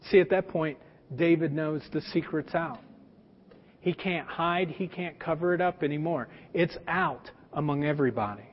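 A pastor preaches a sermon, telling a story and addressing his congregation directly in a slightly high voice at normal speed. The sound is dull and lo-fi, with long hall reverb.

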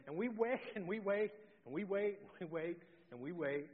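A middle-aged man preaching a sermon as pastor, telling a story that swings from loud to hushed. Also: high-pitched, lively intonation, normal speed, long reverb tail, phone-quality sound. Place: church sanctuary.

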